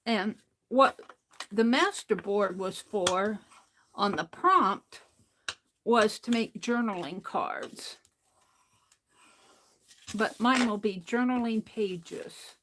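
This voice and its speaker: Slow, chatty woman crafting at home. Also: medium pitch, animated, a bit bright, slight background noise. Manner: chatty, rambling, talking to herself while working. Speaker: art livestreamer. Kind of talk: casual crafting livestream.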